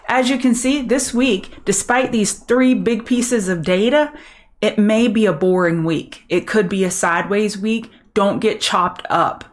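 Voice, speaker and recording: A middle-aged woman from Louisiana, speaking in a mid-range voice with a Southern accent, hosts a trading show streamed live with market commentary. Her tone is upbeat and conversational, and she answers viewers by their names.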